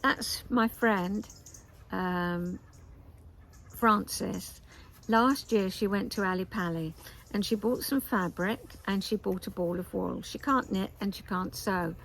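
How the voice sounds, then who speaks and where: Slow-talking chatty older woman. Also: medium pitch, vocal fry, fairly bright tone, low-quality recording. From England. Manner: chatty and meandering, with asides and pauses. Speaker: knitting vlog host. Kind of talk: casual chat to camera. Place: garden, outdoors.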